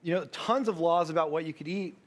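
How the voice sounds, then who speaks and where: Speaking fairly quickly in a slightly high voice, a man preaches as pastor, weaving humor into a story and performing its characters' voices as he goes.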